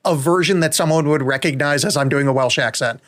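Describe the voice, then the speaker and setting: A man's voice: a little high, fairly bright tone. Profane, jokey man co-hosting a podcast. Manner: blunt and profane, quick to joke. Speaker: podcast co-host. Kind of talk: casual chat.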